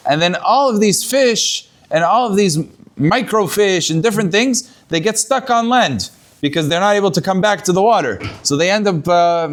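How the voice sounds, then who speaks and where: Man, rabbi, high voice, storytelling Torah talk, acts out quoted voices, Hebrew words in English.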